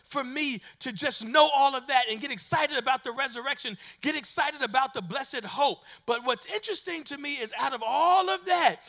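Male preacher, sermon cadence, very high tenor, bright and forceful tone. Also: normal speed, hardly any pauses. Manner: preacher cadence, rising into shouts. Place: addressing online viewers.

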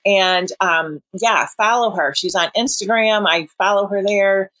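A woman's voice: mid-range voice, a little slow, fairly bright tone, dry recording. A woman hosting a podcast, chatting casually and encouraging her guest with plenty of fillers. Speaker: podcast host. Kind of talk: casual interview chat.

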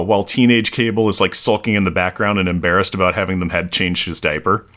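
A man co-hosting a casual comics podcast, jokey and animated. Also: on the low side, brisk, few pauses. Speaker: podcast co-host. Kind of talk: casual chat.

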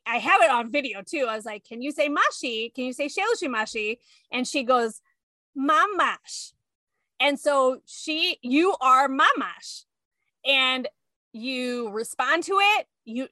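Woman, high voice, bright tone, animated storyteller, casual chat. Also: unhurried, no echo. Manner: animated storyteller, acts out quotes.

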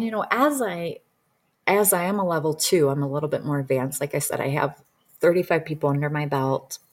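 A woman with a slightly low voice tells a personal story in a loose, chatty way. Her talk is full of "like" and small restarts. She is a past-life regression practitioner sharing her own experience. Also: a little mellow, breathy edge. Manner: chatty, many "like" fillers, acts out quoted dialogue.

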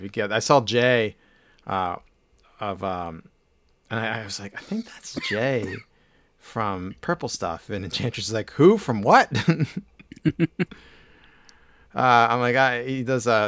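In a clean, dry studio recording, a podcast co-host with a fairly low voice and a fairly bright, clean tone chats casually. He wanders through a story, stumbling over frequent fillers and starting sentences over.

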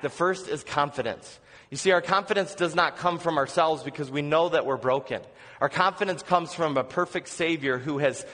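Earnest male pastor preaching in a hall. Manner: earnest, questioning the congregation, dropping to soft low lines. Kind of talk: sermon. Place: church sanctuary.

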